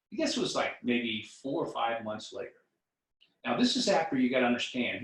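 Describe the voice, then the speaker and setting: A middle-aged man from the United States giving a motivational talk, telling a story and acting out both sides of the dialogue. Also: medium pitch. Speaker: motivational speaker. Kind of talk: storytelling talk on building wealth. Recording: echoey room from a distance.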